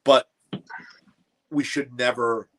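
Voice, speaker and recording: A man joins a casual livestream chat, often pausing and restarting his words as he thinks aloud. His voice sits at an ordinary middle pitch, with faint background noise underneath. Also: steady tone, pushed and bright, rough recording. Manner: halting, repeats words while searching for them. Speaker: panel guest.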